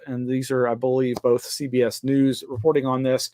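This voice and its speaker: A man's voice: mid-range voice, flat delivery, normal speed, few pauses, darkish tone, dry recording. A man hosts a live weekly news roundup and chats his way through the stories, rambling with plenty of ums and uhs. His voice sits in the middle range. The sound is dry and close, with no room ring. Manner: rambling, chatty, hesitant with fillers. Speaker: host.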